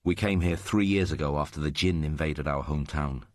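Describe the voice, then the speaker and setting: A calm young man speaks in measured, earnest tones, as a man reads him in a storybook. His voice is extremely low and recorded dry and close. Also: no echo. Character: handsome smooth-faced young man, calm.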